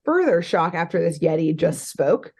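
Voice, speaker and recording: A woman's voice: fairly low pitch, sing-song, normal speed, darkish tone, breathy edge. A young woman co-hosting a podcast, recapping a cartoon episode in casual, chatty talk full of fillers and laughter. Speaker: podcast co-host.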